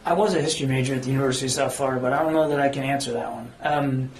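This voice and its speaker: Very fast and steady in tone, a government spokesman with a mid-range voice fields reporters' questions at a briefing. The echoey briefing-room recording carries a little hiss or hum, and he speaks earnestly and emphatically, at times hunting for words.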